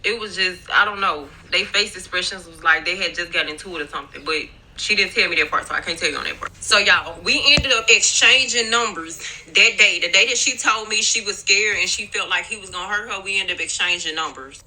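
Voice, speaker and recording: A woman's voice: on the low side, brisk, few pauses, sharp tone, rough recording. A young woman telling a story to her phone in a rambling, profane way during a work break, often calling out to viewers. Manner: rambling, profane, keeps addressing viewers as y'all. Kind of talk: casual storytime chat. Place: workplace, on break.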